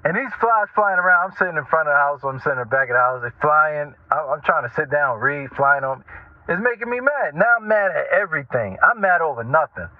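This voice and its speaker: A man telling casual stories as a radio talk host, animated and chatty, often checking in with the listener. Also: fairly high pitch, fairly quick, no room sound. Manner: animated, chatty, keeps asking "right?". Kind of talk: casual storytelling monologue. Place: lives in Norfolk, Virginia. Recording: tinny phone-like line, dry.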